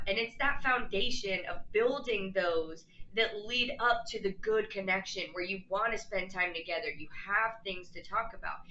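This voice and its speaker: A woman's voice: mid-range voice, pushed and bright, echoey room, muffled recording, slight background noise. A woman life coach talking earnestly and casually to camera, acting out quoted lines as she explains.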